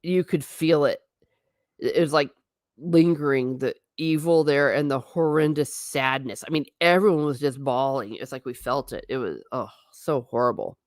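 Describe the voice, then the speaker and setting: An American woman with an extremely low voice hosts a casual livestream at normal speed, chatting, rambling, reading viewer comments aloud, and laughing often. The audio is studio quality with no echo.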